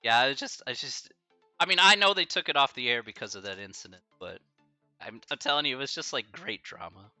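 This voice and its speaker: An American man tutors math live on stream in a loose, chatty way, encouraging his students and laughing easily. His voice is very bright and his pitch swings a lot. The sound is dry and close, with faint music underneath. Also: lively intonation, brisk, no echo. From United States. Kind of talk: casual livestream tutoring chat.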